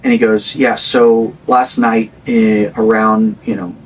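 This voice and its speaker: A man in his thirties, a rock band frontman guest, telling a story in casual conversation, animated and swearing, acting out the voices he quotes. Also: lowish voice, slow pace, far from the mic, a crowd in the background, low-quality recording.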